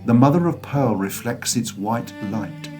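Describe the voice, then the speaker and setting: A man narrating a fantasy audiobook in a slow, expressive storytelling voice. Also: mid-range voice, music in the background.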